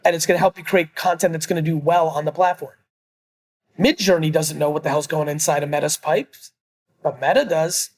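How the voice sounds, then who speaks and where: A middle-aged man talks business in an emphatic, blunt voice. His pitch sits a little high for a man, and he swears casually as he pushes his points. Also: fairly even intonation, a little fast. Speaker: guest, entrepreneur. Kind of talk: energetic business interview.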